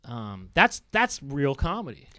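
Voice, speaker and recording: A man hosting a comedy podcast in casual chat, musing in a slow, drawn-out way. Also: medium pitch, big pitch swings, pushed and bright, dry recording, studio quality. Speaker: podcast host.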